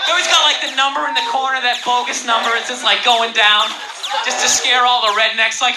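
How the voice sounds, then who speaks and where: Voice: medium pitch, steady tone, a little fast, heavy background noise. A stand-up comedian ranting with profanity and mockery on a comedy club stage. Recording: roomy live club with loud crowd laughter.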